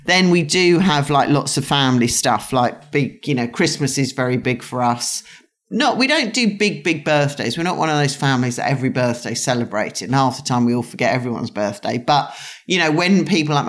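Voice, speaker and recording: A middle-aged woman from England, a chef, chatting casually in a home kitchen and rambling with many restarts. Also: rumbling low. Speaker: chef and guest. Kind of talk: casual interview chat.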